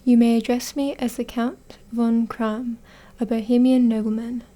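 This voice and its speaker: A woman with an Australian accent voicing a stern foreign male nobleman in soft whispered role-play, read evenly and without a put-on accent. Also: on the high side, level tone, normal speed, lightly acted. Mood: grave.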